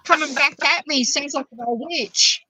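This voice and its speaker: A woman's voice: high voice, moderate pace, slight background noise, low-quality recording. A woman, rambling through stories as a podcast host. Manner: rambling, animated storyteller. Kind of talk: casual chat.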